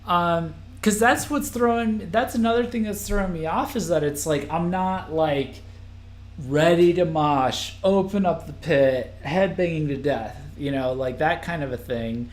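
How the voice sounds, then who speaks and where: A man's voice: sits high, normal speed, echoey room. A man hosting a live stream, reacting to an album as it plays, rambling and restarting his sentences. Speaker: podcast host.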